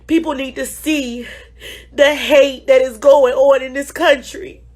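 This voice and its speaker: A woman's voice: high-pitched, steady tone, slow, pauses often, a little mellow. A woman, a state representative, tearfully recounting an incident and pleading with viewers in a crying, shaky voice. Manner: pleading, repeats "y'all". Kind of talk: emotional phone video testimony.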